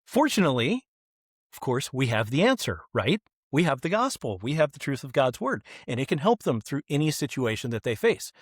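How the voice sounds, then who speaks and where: Middle-aged guy on a podcast, dry close mic, lively storyteller, does little voices. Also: mid-range voice, a little fast, breathy edge, no echo. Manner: animated, acts out quoted voices. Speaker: kids ministry guest.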